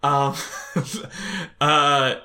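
A man co-hosting a podcast in casual chat, joking and animated, often laughing as he talks. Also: medium pitch, extremely slow. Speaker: podcast co-host.

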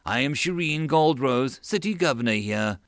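A man's voice: mid-range voice, lively intonation, normal speed, a bit bright, dry recording, clean studio sound, close to an everyday voice. A man voicing a young princess and city governor who speaks with tactful, slightly hesitant politeness. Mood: polite.

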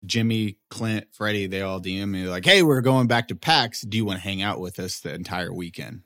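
A man in his thirties with a fairly low voice tells a story in relaxed conversation. He gets animated and throws his voice higher to act out other people's lines. He swears casually and laughs easily. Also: brisk. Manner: animated, acts out quotes in a raised voice, swears, laughs often. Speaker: podcast co-host telling a story.

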